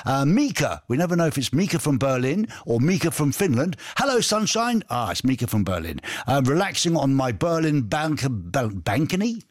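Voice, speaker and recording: A man's voice: mid-range voice, very animated, normal speed, hardly any pauses, no echo, studio quality. A man hosting a casual radio show, chatty and jokey, reading out messages and poking fun at himself. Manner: jokey, chatty, self-mocking. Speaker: radio host.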